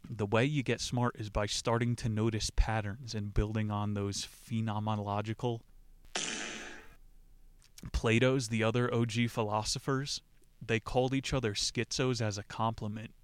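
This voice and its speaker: A man's voice: medium pitch, fairly even intonation, normal speed, clear, resonant tone, no room sound. A man hosting a casual book discussion podcast, talking in an irreverent, rambling and mocking way. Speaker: podcast host.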